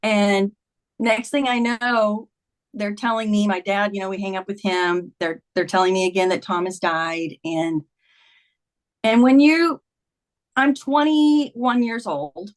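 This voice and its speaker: A woman's voice: medium pitch, takes it slowly. A woman in her fifties, a podcast guest, earnestly retelling a personal story in conversation, with many "like"s.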